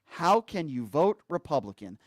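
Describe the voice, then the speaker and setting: A man's voice: on the high side, very animated, moderate pace, no room sound, clean studio sound. A man giving an angry political commentary, hammering his points with repeated rhetorical questions. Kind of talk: angry political rant to camera. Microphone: streaming mic.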